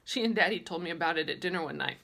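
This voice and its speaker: A woman narrating a children's audiobook in a lively, childlike storytelling manner. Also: on the low side, racing, gravelly. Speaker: audiobook reader.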